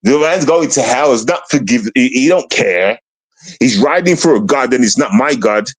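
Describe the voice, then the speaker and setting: A man's voice: medium pitch, expressive, moderate pace, slightly rough, no room sound. A male streamer talking in casual stream chat, taunting and swearing a lot.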